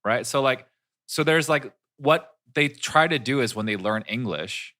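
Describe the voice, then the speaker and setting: A man hosting a casual stream talks in a bright, ringing voice. His pitch leaps around as he laughs and acts out accents for his friends. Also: lively intonation, unhurried. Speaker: streamer host. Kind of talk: casual chat about accents.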